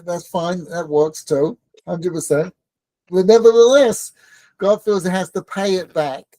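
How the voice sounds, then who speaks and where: Joking rabbi with a mellow voice. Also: male voice, sits high, unhurried, dry recording. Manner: joking, conversational, asks the room questions. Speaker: rabbi teaching a Torah class. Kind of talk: informal Torah lesson with banter.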